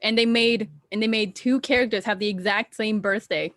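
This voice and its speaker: A woman's voice: medium pitch, steady tone, moderate pace, fairly bright tone, no room sound, clean studio sound. A woman in a casual chat, rambling with lots of filler words. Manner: chatty, rambling with many "like"s.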